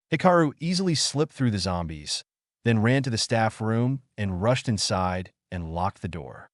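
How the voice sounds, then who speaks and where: A male narrator reading a fantasy story aloud in a scripted storytelling style. His pitch moves a lot and keeps the reading animated. The recording is dry, with no room sound. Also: no echo.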